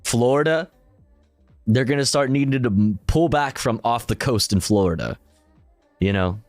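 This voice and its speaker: A man's voice: mid-range voice, expressive, normal speed, no echo, faint music behind. A male streamer casually reading news articles aloud and commenting, profane and self-deprecating, often stumbling over his words.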